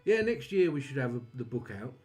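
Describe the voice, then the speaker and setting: Man, livestream witch host, lively wry banter over faint music. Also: mid-range voice, brisk. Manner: chatty, wry, self-deprecating banter. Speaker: psychic witch streamer. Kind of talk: casual livestream chat.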